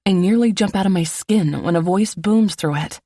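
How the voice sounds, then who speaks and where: A woman narrating a first-person romance audiobook in an even, low-key reading voice. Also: normal speed, no echo.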